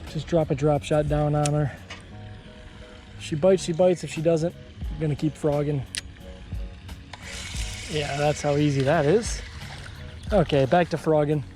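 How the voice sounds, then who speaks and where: A man in his twenties chatting casually while fishing from a boat outdoors, getting excited whenever a fish bites. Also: on the high side. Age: 20s. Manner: excitable, chatty, exclaims at every catch. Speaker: fishing vlogger. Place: outdoors on a bass boat on a lake.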